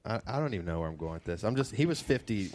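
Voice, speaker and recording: Young male podcast co-host, low and expressive, jokey and rambling. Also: rapid-fire, slight background noise. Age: 20s. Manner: laughs a lot, rambling, jokey. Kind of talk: casual chat among friends.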